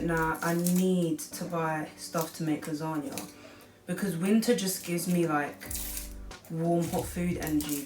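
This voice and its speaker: A rambling, chatty teenage girl talks her way through a home cooking video, her voice sitting slightly low. She is caught from across an echoey kitchen, so the sound is roomy and distant. Music plays clearly underneath. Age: late teens. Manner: chatty and rambling, heavy use of "like". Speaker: cooking vlogger. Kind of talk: casual cooking vlog chat. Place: home kitchen, seated at the counter. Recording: echoey room, far from mic, music behind.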